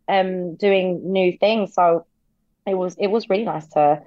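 A woman's voice: lowish voice, a little slow, dark tone, no echo, lo-fi sound. An English woman guest chatting casually, peppering her talk with "like" and the odd swear word. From England. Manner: chatty, lots of "like" fillers and swearing. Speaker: podcast guest. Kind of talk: casual chat.

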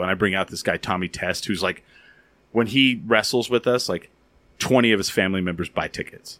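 A man with a lowish voice hosts a casual chat and rambles through stories with constant "like"s. He sounds animated and loose. His voice is recorded dry and close. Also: a little fast, no echo. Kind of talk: casual storytelling and interviewing.

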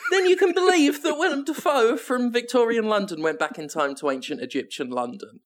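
A comedy podcast co-host improvising an absurd film pitch, animated and silly, laughing often. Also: a little fast.

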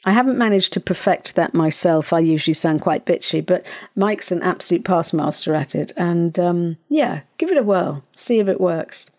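A woman hosting a podcast, talking casually and giving advice, with many fillers and restarts and sudden lively jumps in pitch. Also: normal speed, hardly any pauses. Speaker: podcast host.

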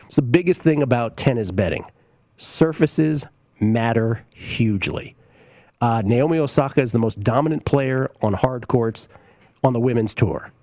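A man's voice: medium pitch, normal speed, darkish tone, no echo, studio quality. A man hosting a sports betting talk show, giving opinionated, conversational takes on games and bets with plenty of fillers and asides. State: coughing, briefly choked up. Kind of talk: casual sports betting talk, reading listener tweets.

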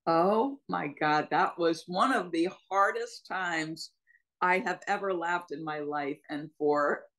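A woman's voice: on the low side, takes it slowly, low-quality recording. A woman sports broadcaster telling a travel story in casual podcast chat, emphatic and laughing often. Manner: storytelling, warm laughs between lines, emphatic.

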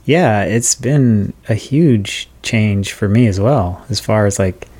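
A man co-hosting a podcast in casual chat, with a smooth, even, relaxed way of talking. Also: lowish voice, takes it slowly. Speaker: podcast co-host.

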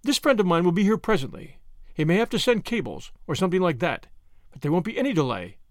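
A man doing a quick, coaxing young woman. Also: high-pitched, sing-song, no room sound, studio quality. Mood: coaxing, soothing. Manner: quiet, soothing.

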